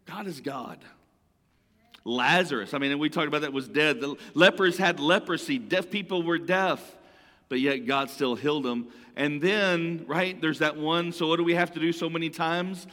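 Male pastor with a slightly high voice, chatty sermon delivery with repeated phrases, long hall reverb. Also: moderate pace, a bit bright. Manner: conversational preaching, repeats phrases and restarts.

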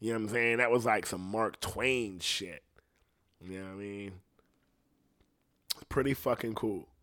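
A young man, a singer, in a rambling casual monologue, swearing freely and jumping between excitement and low asides. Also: a little slow. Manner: profane, excitable, rambling with restarts. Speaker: singer ranting to camera.

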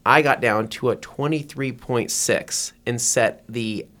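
A man co-hosting a podcast in a relaxed, chatty tone, spinning a story with plenty of energy. His voice sits at an ordinary middle pitch. He slips into the voices of the people in his story and keeps asking "right?" to pull his friends along. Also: a little slow. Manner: animated storyteller who acts out quoted lines. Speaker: podcast co-host. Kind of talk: casual storytelling chat.

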